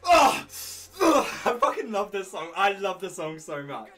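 A man from New Zealand with a New Zealand accent, reacting excitedly to an album while fighting a cold and coughing, gushing and laughing often. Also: high voice, moderate pace. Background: music playing faintly.

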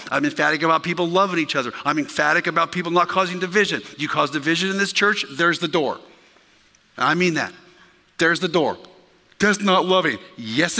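A man's voice: high-pitched, pushed and bright, long reverb tail. A male pastor preaching a sermon in an emphatic, conversational way, talking directly to his congregation. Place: church sanctuary.

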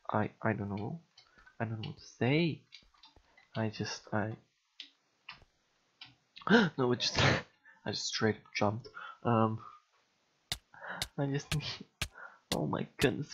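A man's voice: medium pitch, fairly bright tone, muffled recording, slight background noise. A man giving casual gameplay commentary, frustrated and sighing, mocking himself as he mutters along. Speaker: gamer.

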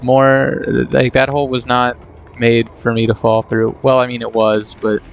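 A man's voice: mid-range voice, little pitch movement, normal speed, creaky, muffled recording, a little hiss or hum. A man casually commenting on his own gameplay, rambling and self-deprecating as he talks to himself. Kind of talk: casual let's play commentary.

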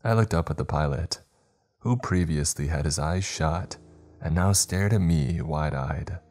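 A man narrating a horror story in a steady, measured way. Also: rumbling low. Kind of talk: scripted narration.

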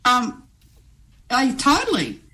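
Woman, guest pastor, chatty storyteller, higher pitch. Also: takes it slowly, poor audio. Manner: animated storyteller, frequent "um" and "you know". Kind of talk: conversational faith interview.

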